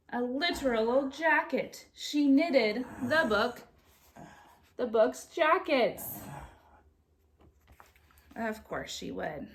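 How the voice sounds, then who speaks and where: A woman's voice: high voice, expressive, very slow, pauses often, a little hiss or hum. Playful woman reading a storybook aloud. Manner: chatty, playful asides. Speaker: book club host reading to a child.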